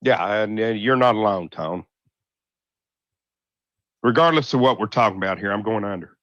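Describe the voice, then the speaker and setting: A man's voice: lowish voice, lively intonation, normal speed, a bit bright, no echo, highs cut off. A man co-hosting a casual live-stream talk show, making short, dry quips. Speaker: co-host.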